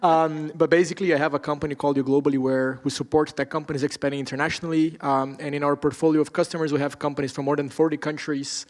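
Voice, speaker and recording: A man from Brazil speaking as a panelist in a relaxed conference discussion, friendly with filler ums. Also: a little high, fast, hardly any pauses.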